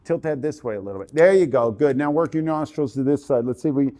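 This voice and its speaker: A man coaching a portrait subject through a photo shoot, giving brisk, repetitive commands over a live video call. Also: medium pitch, warm tone.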